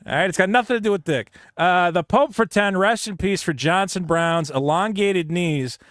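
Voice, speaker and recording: A man co-hosting a casual comedy podcast, reading super chats aloud and telling stories loudly with put-on panicked voices. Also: high-pitched, moderate pace, no room sound, studio quality. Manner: loud, animated storytelling with put-on panicked voices.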